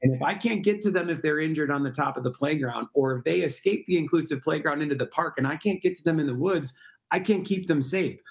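A middle-aged man answering interview questions at length, earnest and persuasive. His voice sits a touch high for a man, and he builds his points with steady conviction. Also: quick pace, vocal fry. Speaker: guest, park project founder.

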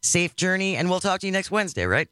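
Radio host, man, bright higher voice, friendly rambling chat, dry studio sound. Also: big pitch swings, fast, clear, resonant tone, no room sound. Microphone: studio microphone.

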